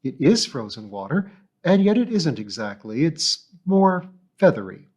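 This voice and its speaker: A poised young society woman speaks with polished courtesy and curiosity, voiced by a man. Her lines rise a touch above the reader's usual pitch and carry a bright, well-mannered lilt. She sounds like a storybook hostess making careful small talk. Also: big pitch swings, a little slow, breathy edge, muffled recording, exaggerated voice. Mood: friendly. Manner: polite, bright, gently inquisitive.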